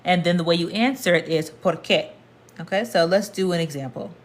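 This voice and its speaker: A woman teaching a casual livestream lesson, explaining patiently and repeating words slowly. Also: lowish voice. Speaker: Spanish teacher.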